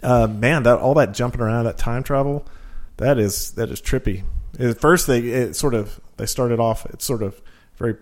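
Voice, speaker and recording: A man co-hosting a casual TV podcast, rambling and animated as he retells scenes. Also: mid-range voice, normal speed, hardly any pauses. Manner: rambling, animated storytelling with acted-out quotes. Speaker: podcast co-host. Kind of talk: casual chat.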